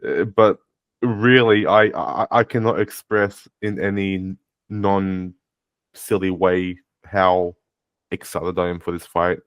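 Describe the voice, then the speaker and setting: A man with a deep voice talks in a casual podcast chat, with a delivery he calls monotone himself. He restarts phrases, stumbles over words and drops the odd swear word. The sound is close and dry. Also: slow, no echo. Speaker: podcast co-host.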